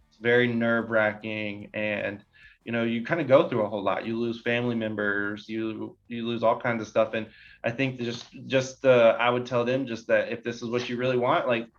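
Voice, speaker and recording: A man's voice: medium pitch, flat delivery, moderate pace. Earnest man rambling with fillers. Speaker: podcast guest. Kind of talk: casual interview chat. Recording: slightly dull lo-fi sound.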